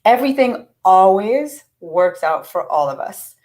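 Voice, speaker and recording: A woman's voice: medium pitch, lively intonation, measured pace, a little mellow, low-quality recording. Earnest middle-aged woman teaching affirmations. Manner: earnest and encouraging, with frequent restarts. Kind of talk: casual teaching talk.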